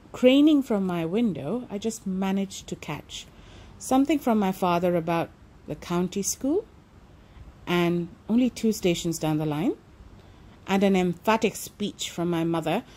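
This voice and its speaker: A woman narrating an audiobook, calm and measured, first reflecting thoughtfully and then reading the story. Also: on the low side. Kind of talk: reflective commentary and book reading.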